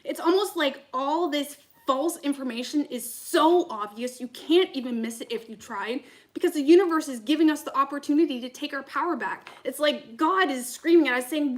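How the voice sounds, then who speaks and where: A woman's voice: sits high, normal speed, hardly any pauses. A woman, a tarot reader, ranting to camera in a heated, profane, rambling way between readings.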